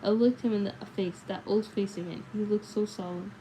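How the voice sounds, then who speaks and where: A woman's voice: mid-range voice, steady tone, fairly quick, dark tone, a little hiss or hum, poor audio. Woman reading a novel aloud on a livestream. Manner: casual, emotional reactions to the story. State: slightly sore voice. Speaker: livestream book reader.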